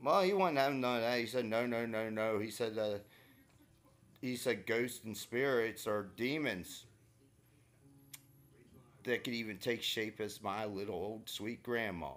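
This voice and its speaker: A man's voice: fairly low pitch, measured pace, pauses often, a bit bright. A man casually telling a rambling, wry story in a vlog, with many fillers and restarts. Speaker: vlogger.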